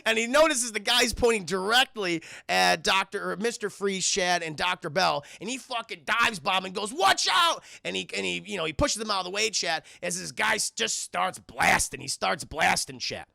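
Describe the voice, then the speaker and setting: A man streaming a cartoon review, recapping scenes in a lively, profane way and talking to his chat. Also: high-pitched, normal speed, gravelly, hardly any pauses, dry recording, studio quality. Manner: animated, profane, recaps scenes with put-on voices. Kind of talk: casual chat with live chat.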